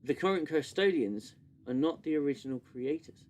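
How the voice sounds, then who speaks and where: A man's voice: a little high, animated, moderate pace, a little mellow. A British man hosting a casual livestream and reviewing a show, rambling with many fillers and restarts into a desk mic. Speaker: livestream host.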